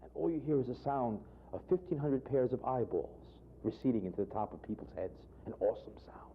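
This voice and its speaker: Male humorist, animated joke teller, tinny archive TV sound. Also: brisk, slight background noise. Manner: animated storyteller, acts out characters with sharp jumps in pitch. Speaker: humorist guest. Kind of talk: joke telling and interview talk. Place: television studio. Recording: tinny phone-like archive broadcast.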